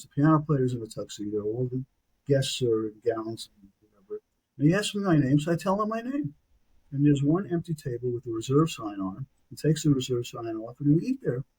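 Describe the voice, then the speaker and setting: A man in his sixties from Brooklyn with a New York accent, telling a personal story as a podcast guest, animated and anecdotal, tagging lines with "okay?". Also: medium pitch, normal speed, slightly rough, poor audio.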